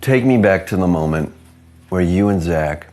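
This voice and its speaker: A man conducting a mock interview in a calm, probing, deadpan way. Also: deep voice, normal speed.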